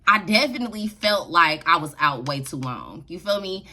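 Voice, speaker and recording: A woman's voice: fairly low pitch, animated, moderate pace, pushed and bright. A young adult woman telling a story on her vlog in a loose, slangy way, laughing often. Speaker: vlogger.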